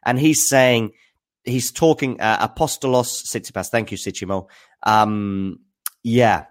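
Low-voiced man hosting a tennis recap. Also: steady tone, measured pace. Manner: chatty, hesitant, full of fillers. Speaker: tennis news host. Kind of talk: live-stream commentary recap.

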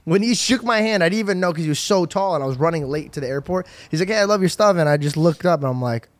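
A man hosting a podcast, talking in an excitable, rambling way and swearing often. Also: on the high side, fast talker, no room sound. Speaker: podcast host. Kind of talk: casual chat.

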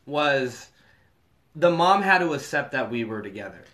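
Bright-voiced young man telling a story. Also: medium pitch, moderate pace. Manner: profane, animated storytelling with quoted voices. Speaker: storyteller in a podcast chat. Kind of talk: casual chat.

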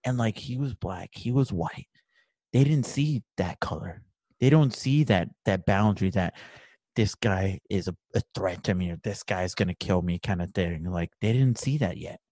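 Loose, lower-voiced podcast host. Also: male voice, normal speed, dry recording, clean studio sound. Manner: animated storyteller, swears freely; switches into Spanish phrases. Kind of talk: casual chat.

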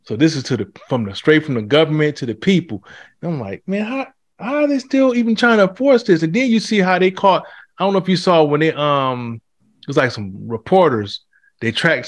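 A man's voice: mid-range voice, expressive, fairly quick, no room sound. A man in casual chat who talks animatedly, swears freely and acts out what others said.

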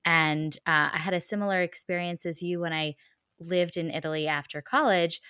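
A woman from the United States leads the interview, asking her questions in a friendly, relaxed way. Her voice sits low, and the recording is dry and close, with no room sound. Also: normal speed, clean tone, no echo. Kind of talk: conversational interview.

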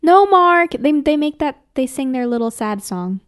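A woman co-hosting a podcast in casual chat, teasing and quick to laugh. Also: a little high, expressive, warm tone. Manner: teasing and giggly. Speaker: podcast co-host.

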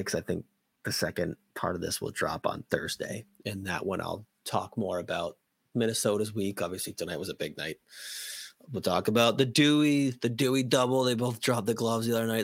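A man hosting a casual hockey podcast, losing his voice and sounding hoarse, rambling with lots of ums, restarts and casual swearing. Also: on the low side, no echo, studio quality. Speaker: podcast host. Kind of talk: casual hockey prospect talk.

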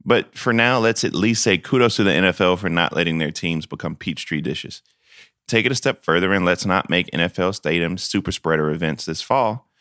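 A man's voice: sits low, fairly quick, fairly bright tone, dry recording, studio quality. A man from South Carolina, hosting a podcast and giving emphatic, folksy opinions before interviewing a guest. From South Carolina, USA. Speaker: podcast host.

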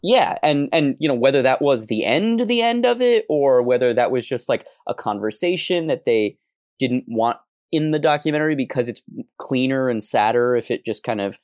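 A man holds forth in an animated podcast chat, stacking analytical points and quick asides. His voice sits at a middle pitch, and the room is dry with no echo. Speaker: podcast co-host. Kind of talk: casual podcast discussion.

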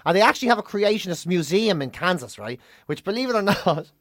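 A man's voice: high voice, fast talker, no room sound, studio quality. A man co-hosting a podcast, chatting casually and telling stories with animation and frequent laughs. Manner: animated storytelling, laughing often. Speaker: podcast co-host. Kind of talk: casual chat. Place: radio studio.

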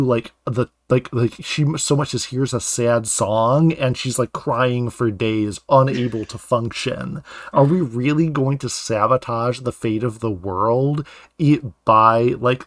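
A man co-hosting a casual podcast, arguing his point in fast, animated rambling rants. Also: medium pitch, no room sound. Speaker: podcast co-host. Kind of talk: casual chat.

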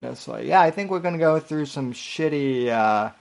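A man's voice: on the high side, lively intonation, normal speed, gravelly. A man hosting a casual late-night podcast stream, hesitant and full of fillers and restarts. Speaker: podcast host.

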